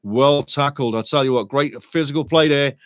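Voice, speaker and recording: A man hosting a live football watchalong, giving rambling, chatty match commentary and shouting out to viewers in the chat. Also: medium pitch, moderate pace, no room sound. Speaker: watchalong host.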